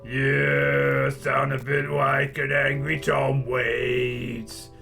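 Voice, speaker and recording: A man's voice: medium pitch, little pitch movement, drawn-out words, vocal fry, bright, forceful tone, soft background music. A man hosting a casual let's play, cracking jokes, swearing and laughing at himself as he plays. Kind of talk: casual gameplay commentary.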